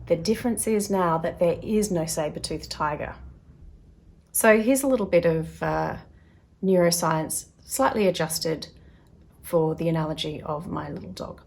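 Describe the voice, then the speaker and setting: Slightly low-voiced woman, chatty self-help talk. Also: measured pace, gravelly. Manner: chatty, acts out little voices in quotes; drops to a soft, quiet tone at times. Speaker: self-help video host. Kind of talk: casual talk to camera.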